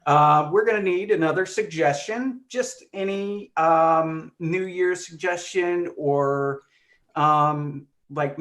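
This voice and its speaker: A man's voice: on the high side, fairly bright tone. A man directing a live online improv comedy show, upbeat and full of fillers.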